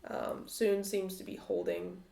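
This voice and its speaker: A woman narrating a tabletop game as game master, halting with many fillers. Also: mid-range voice, flat delivery, vocal fry, warm tone. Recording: roomy echo.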